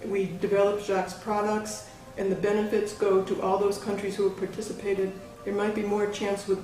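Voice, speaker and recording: A woman's voice: mid-range voice, flat delivery, moderate pace, darkish tone. A woman talking casually and hesitantly, often restarting her sentences. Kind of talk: casual conversation. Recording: very echoey room, far mic, faint music.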